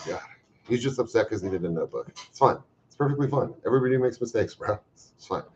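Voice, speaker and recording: A man hosting a livestream, chatting casually and reading out viewer comments with profane, joking bursts of loud emphasis. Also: fairly low pitch, animated, fast talker, a little hiss or hum. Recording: slightly dull lo-fi stream audio.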